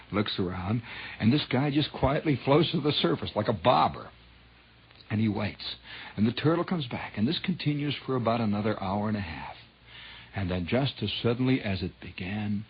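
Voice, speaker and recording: A man telling a dramatic true story on old radio, dropping to hushed whispers and rising to loud swells. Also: lowish voice, animated, moderate pace, breathy edge. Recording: dull lo-fi 1960s radio recording.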